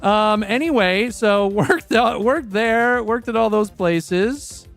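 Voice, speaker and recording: A man's voice: sits high, takes it slowly, vocal fry, a bit bright, soft background music. A Canadian man in his thirties, chatting casually and rambling through his past jobs, swearing freely and correcting himself as he goes. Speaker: streamer.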